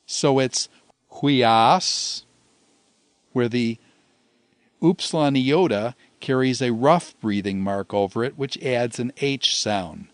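Slow, methodical man teaching a lesson. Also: mid-range voice, no echo. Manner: slow, methodical, explains step by step. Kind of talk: recorded lecture.

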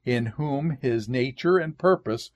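A man giving a classroom lecture, reading out scripture passages in a measured way and marking each quotation with "quote" and "end quote". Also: mid-range voice, darkish tone.

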